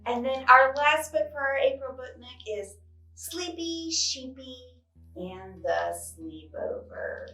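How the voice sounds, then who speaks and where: Animated librarian woman recommending books. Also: high-pitched, slow. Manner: animated storytelling, exclaims often. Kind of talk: book recommendations for children. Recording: roomy echo, distant mic, faint guitar music.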